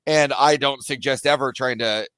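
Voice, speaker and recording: A man's voice: medium pitch, normal speed, a bit bright, clean tone, no echo. Chatty, rambling male caller. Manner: rambling, filler-heavy, laughs often. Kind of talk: casual chat.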